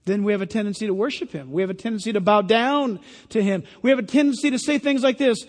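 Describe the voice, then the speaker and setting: A man's voice: high voice, fast talker, few pauses. A male pastor preaching a sermon in a church, earnest and emphatic, putting direct questions to the congregation. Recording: long hall reverb.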